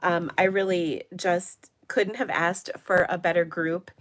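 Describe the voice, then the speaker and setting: A woman's voice: lowish voice, steady tone, measured pace, a bit bright, slight background noise. A middle-aged woman hosting a papercraft livestream, chatting casually and rambling with many fillers, her voice congested and nasal from a cold. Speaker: papercraft channel host.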